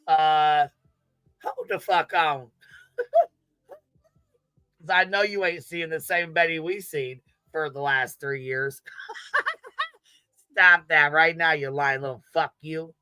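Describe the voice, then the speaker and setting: A man hosting a commentary livestream, loud and profane, laughing often as he trash-talks. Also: fairly high pitch, slow pace, pauses often, clear, resonant tone, no echo. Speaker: livestream host.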